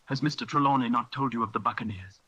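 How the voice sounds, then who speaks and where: A man's voice: medium pitch, fast, bright, forceful tone, husky, dry recording, highs cut off. A man voicing an eager, polite young cabin boy who speaks earnestly.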